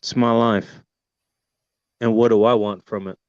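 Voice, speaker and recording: Male host, profane mock-serious rant, rhetorical questions, loud-to-murmured swings, dull dry lo-fi sound. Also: lowish voice, flat delivery, unhurried, clean tone, no room sound. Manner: heavy swearing, rhetorical questions.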